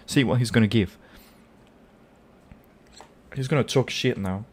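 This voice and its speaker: A man's voice: medium pitch, measured pace, long pauses, breathy edge. A man hosting a football fan channel, giving a live match reaction and ranting angrily with lots of swearing and repeated words. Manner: angry, swearing rant.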